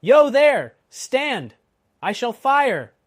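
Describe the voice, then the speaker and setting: A man voicing a gruff, watchful coach guard who barks out challenges and warnings. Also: mid-range voice, fairly even intonation, moderate pace, no room sound, clean studio sound, close to an everyday voice. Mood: bellowing. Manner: gruff, bellowing commands.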